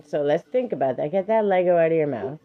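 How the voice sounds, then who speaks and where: A woman's voice: deep voice, animated, fast talker, phone-quality sound, faint music behind. A woman streaming live, reading affirmations and firmly but patiently parenting her child in between, laughing often.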